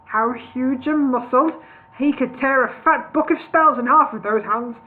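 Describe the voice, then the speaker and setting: A woman's voice: sits high, unhurried. A woman voicing an old male wizard with forced heartiness in a storybook reading. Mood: whispering. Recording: tinny lo-fi livestream audio, faint noise.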